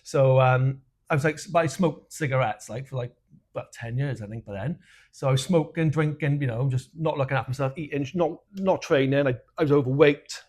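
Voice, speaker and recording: A Welsh man co-hosting a podcast, telling a personal story in a frank, casual way, swearing freely and laughing at his own dark humour. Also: medium pitch, a little fast. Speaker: podcast co-host.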